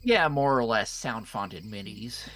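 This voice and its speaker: A man's voice: on the low side, expressive, measured pace, a bit bright, slight background noise. A man, a game composer, giving brief, laughing replies in a casual stream chat. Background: game music.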